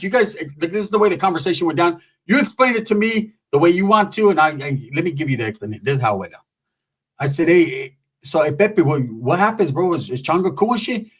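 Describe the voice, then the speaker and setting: Profane, animated high-voiced storyteller. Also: male voice. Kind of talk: comedic storytelling.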